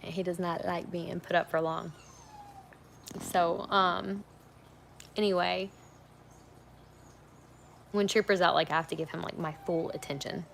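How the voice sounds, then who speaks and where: Gravelly-voiced young woman chatting on a livestream. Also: fairly low pitch, steady tone, unhurried, long pauses, fairly bright tone, a little hiss or hum. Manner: chatty, frank, rambling with fillers. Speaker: livestream host. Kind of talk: casual livestream chat. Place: at home on a couch.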